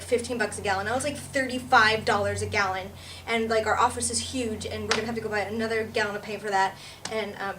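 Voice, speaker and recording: A woman's voice: a little high, fairly bright tone. A woman actor delivering a comedic rant, giggling and rambling as she grows exasperated. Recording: distant mic, faint room noise.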